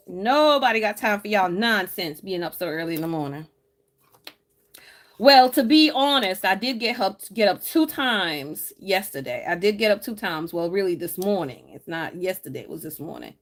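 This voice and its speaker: A woman's voice: medium pitch, expressive, normal speed. A woman, chatting casually with her live chat as she decorates her planner, teasing viewers and laughing often.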